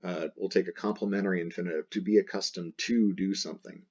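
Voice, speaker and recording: A man's voice: deep voice, fairly even intonation, fast talker, a little mellow, slightly rough, muffled recording. A man teaching a Latin text in a chatty, playful way, repeating and rephrasing as he explains.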